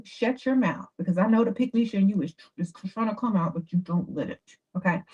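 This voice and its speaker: Woman, livestream advice host, husky, warm, chatty, dull lo-fi. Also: medium pitch, normal speed. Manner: animated, chatty, coaching. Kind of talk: casual livestream advice talk. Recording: dull lo-fi sound.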